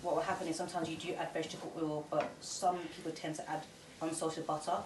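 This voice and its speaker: A woman's voice: deep voice, level tone, quick pace. A young woman demonstrating a recipe in her home kitchen, chatty and self-deprecating, with fillers and small laughs. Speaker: cooking vlogger. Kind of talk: casual cooking demonstration. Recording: noisy kitchen recording.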